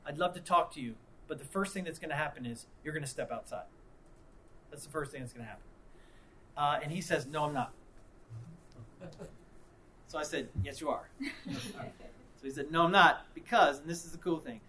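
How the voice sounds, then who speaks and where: A man preaching, mixing reflection with an animated story in which he acts out the people involved. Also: fairly high pitch, fairly quick, pauses often, slight background noise. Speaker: pastor. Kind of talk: sermon with storytelling.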